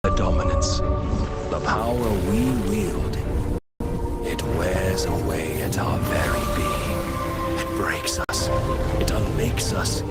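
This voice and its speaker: A solemn male narrator broods in a game trailer. His voice is deep and slow, near a whisper. A loud score swells under him.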